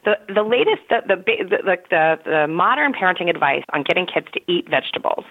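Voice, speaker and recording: A woman's voice: fairly low pitch, big pitch swings, fairly quick, husky. A woman in casual chat, blunt and exasperated, sometimes laughing as she talks. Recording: tinny phone-like sound.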